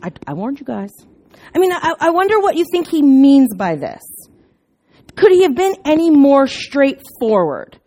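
High-voiced woman preaching with lively storytelling. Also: moderate pace. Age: middle-aged. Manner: lively, chatty, self-deprecating, with loud bursts. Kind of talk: casual sermon with storytelling.

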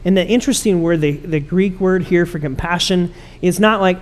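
A man's voice: high-pitched, moderate pace. A man pastor preaching a conversational, emphatic sermon to his church.

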